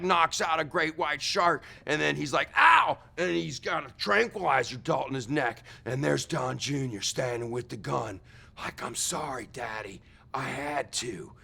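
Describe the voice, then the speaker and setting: A young man playing a rambling witness in a comedy sketch, telling a wild story and shouting out the quotes. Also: fairly high pitch, creaky. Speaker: mock witness.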